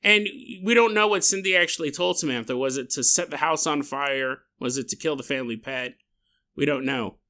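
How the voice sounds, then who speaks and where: A man's voice: fairly high pitch, fairly quick, sharp tone. A man hosting a podcast, casually telling a paranormal story in a chatty, digressive way and laughing at his own tale. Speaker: podcast host.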